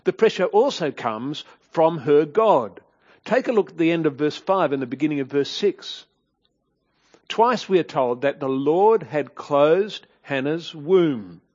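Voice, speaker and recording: Man, preacher, sermon, measured and earnest, rhetorical questions, slightly high voice, muffled lo-fi recording. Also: lively intonation, darkish tone. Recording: dull lo-fi sound.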